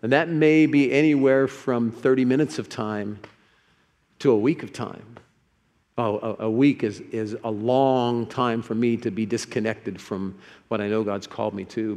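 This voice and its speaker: A man preaching a sermon as a pastor, conversational in tone and growing animated as he quotes scripture. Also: mid-range voice. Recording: echoey hall with long reverb.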